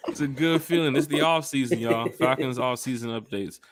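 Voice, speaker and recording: A man's voice: mid-range voice, brisk. Hyped man reading chat on a podcast. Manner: lively, hyped shout-outs. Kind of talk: casual chat.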